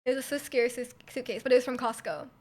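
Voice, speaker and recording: A young Canadian woman with a high, light voice chats casually on her stream. She rambles through stories with plenty of fillers and giggles, and she talks close to a desk mic. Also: fast, darkish tone. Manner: rambling, many likes and ums, giggly. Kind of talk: casual chat.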